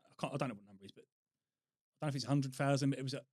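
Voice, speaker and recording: Man, quick talker, dry close sound, jokey banter. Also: mid-range voice, darkish tone, no echo. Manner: joking, banter-heavy. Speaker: podcast co-host, army veteran. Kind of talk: casual chat.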